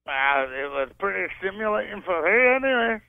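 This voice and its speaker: A hoarse man from Scotland calling in, bragging in crude, profane tough-guy banter, his voice cracking. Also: sits high, very animated, moderate pace, narrow, tinny audio, crowd noise. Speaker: caller. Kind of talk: crude comic call-in banter.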